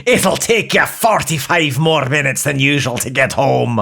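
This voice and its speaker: A man's voice: mid-range voice, expressive, a little slow, vocal fry, a bit bright, heavily acted. A man voicing a gloomy, foul-mouthed male voice assistant with a Scottish accent.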